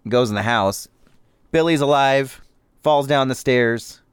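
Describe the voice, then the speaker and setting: A man hosting a podcast, casually and jokingly recapping a film, with lots of animated voices. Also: mid-range voice, measured pace, clear, resonant tone, no room sound. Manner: chatty, jokey, animated impressions. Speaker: podcast host.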